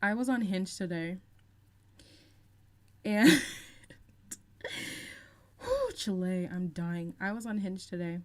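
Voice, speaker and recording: A young woman hosting a casual livestream, chatting and reading out viewer comments, laughing often and stretching out some phrases slowly. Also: medium pitch, very animated. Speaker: livestream host reacting to reality TV.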